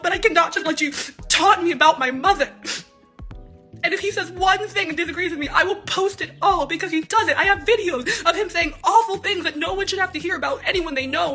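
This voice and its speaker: A twenty-year-old woman speaking out in an emotional, unscripted monologue, rambling and halting, with nervous laughs. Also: very high voice, sharp tone. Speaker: daughter speaking out in a personal video.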